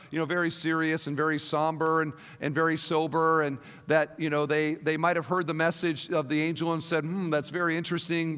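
High-voiced pastor preaching in a big hall. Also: male voice. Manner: animated, dramatic storytelling with rhetorical questions. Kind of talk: sermon.

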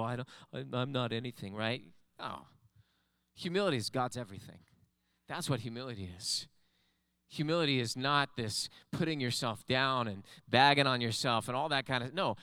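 Bright, crisp-voiced male pastor preaching. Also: mid-range voice, no room sound. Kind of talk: sermon. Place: church sanctuary with congregation.

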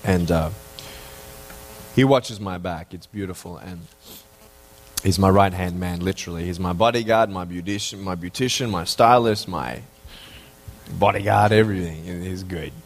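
A man from Australia, preaching as a guest speaker and telling a personal story, his voice leaping high when excited and dropping slow and hushed to make a point.

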